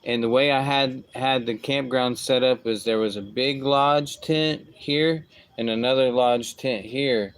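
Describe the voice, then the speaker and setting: A man with a smooth, clear voice at an ordinary middle pitch tells a casual story. He rambles along, tossing in asides and restarting his sentences, as if chatting with a friend. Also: fairly even intonation, a little slow. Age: adult with a young son. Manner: rambling, full of asides like "whatever" and "boom".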